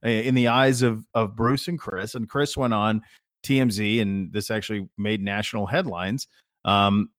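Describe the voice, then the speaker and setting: A man's voice: fairly low pitch, fairly even intonation, normal speed, a bit bright, dry recording, clean studio sound. A middle-aged man co-hosting a podcast in casual chat, a rambling storyteller who often restarts his sentences. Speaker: podcast co-host.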